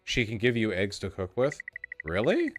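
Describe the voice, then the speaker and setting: A man's voice: on the low side, wildly swooping pitch, normal speed, faint music behind. A man streaming a game, giving casual let's-play commentary in a sarcastic, profane way and reacting to chat.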